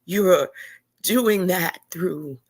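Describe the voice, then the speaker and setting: A woman's voice: on the low side, very slow. A woman hosting a podcast interview, speaking with heartfelt, faith-filled encouragement. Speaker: podcast host.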